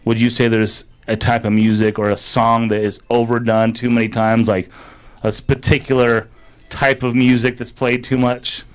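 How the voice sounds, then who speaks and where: Halting male co-host. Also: mid-range voice, level tone, clear, resonant tone. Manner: halting questions with restarts. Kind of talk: casual interview chat.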